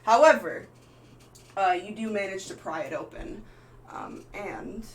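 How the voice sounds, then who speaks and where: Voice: mid-range voice, animated, measured pace, slight background noise, poor audio. A game master narrating a live tabletop game in a loose, rambling way with many fillers.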